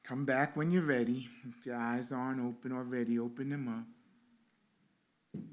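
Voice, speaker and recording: Speaking at a medium pitch with a steady tone, a male reverend leads a sermon and guided meditation at a spiritual center. His lines are slow and rhythmic, returning again and again to repeated phrases.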